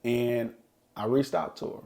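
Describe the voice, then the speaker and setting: Gravelly-voiced man telling a story. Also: medium pitch, fairly even intonation, takes it slowly, warm tone. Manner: earnest, reflective storytelling. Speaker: podcast co-host. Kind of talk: casual chat.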